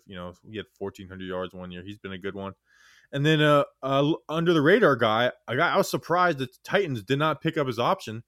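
A young man with a somewhat low voice talks loosely through a sports podcast. He teases his co-host and leans on fillers as he goes. The recording is dry and close. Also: a bit bright, no echo. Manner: teasing, loose, full of fillers like "you know". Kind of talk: casual sports podcast chat.

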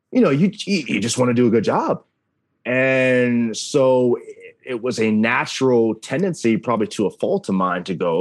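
A man in his thirties, a wrestling announcer, telling stories as an interview guest, acting out the voices he quotes. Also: on the low side. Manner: animated, acts out quoted voices. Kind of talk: casual interview storytelling.

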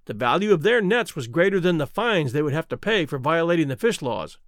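Brief: male reader, classic story narration, slightly high, very lively pitch, dry close mic. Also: a little fast, no room sound. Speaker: audiobook reader.

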